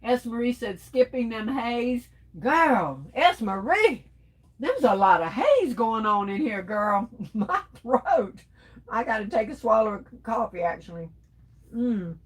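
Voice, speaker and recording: A woman's voice: on the high side, very animated, takes it slowly, breathy edge, rough recording. A middle-aged woman hosting a casual livestream, reading viewer comments aloud and chatting back with them in a teasing way. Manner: chatty and teasing, addresses viewers as y'all, laughs often. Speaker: livestream host.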